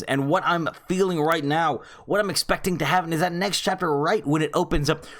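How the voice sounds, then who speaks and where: A man's voice: fairly high pitch, a bit bright. A man reviewing a comic chapter in a casual recap, telling the story with animation and calling his viewers friends.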